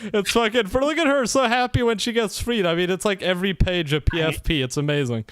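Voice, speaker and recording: A man co-hosting a casual podcast, gushing about manga, excitable, swearing often and laughing a lot. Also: high-pitched, fairly quick, clean tone, no echo. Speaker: podcast co-host.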